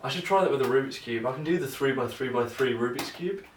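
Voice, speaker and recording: A young man vlogging casually while he practises juggling, thinking out loud in a rambling, self-mocking way. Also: mid-range voice, fast. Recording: echoey room, mic at a distance, noisy.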